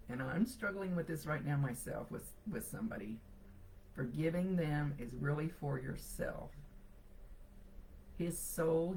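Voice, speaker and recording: A woman's voice: low-pitched, darkish tone, slight background noise, low-quality recording. A woman psychic medium giving a live reading to viewers, chatty and reassuring as she relays messages.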